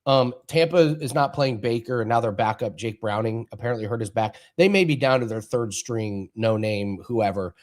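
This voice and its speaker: Male betting show co-host, casual, rambles through anecdotes, mid-pitched, easygoing. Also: moderate pace, few pauses. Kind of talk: casual chat and betting analysis.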